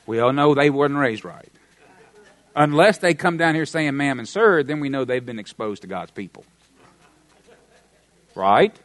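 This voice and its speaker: A middle-aged man with a Southern American accent preaching a sermon, emphatic, with wide swings in pitch and volume and some folksy humor. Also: animated, normal speed, pauses often, a bit bright, no echo. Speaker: pastor.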